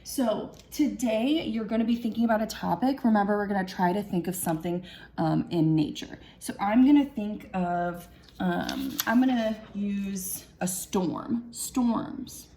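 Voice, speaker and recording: A woman's voice: mid-range voice, dark tone, slight background noise. Patient woman teaching second graders. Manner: patient, slow, sounding out words and clapping syllables. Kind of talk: recorded class lesson.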